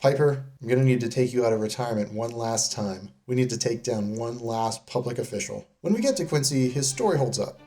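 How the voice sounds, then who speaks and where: A man giving comedic scripted narration as a game reviewer, sarcastic and deadpan. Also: medium pitch, a little fast, hardly any pauses. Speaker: video creator reviewing game companions.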